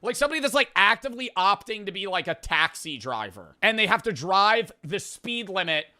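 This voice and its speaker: Bright-voiced young man, animated chat. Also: sits high, fairly quick, no room sound, studio quality. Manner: animated, swears often, fills talk with "like". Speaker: podcast co-host. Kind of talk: casual chat.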